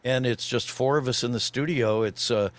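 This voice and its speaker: An older man, a voice actor guest on a podcast, telling an animated story with lots of restarts and fillers. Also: medium pitch, moderate pace.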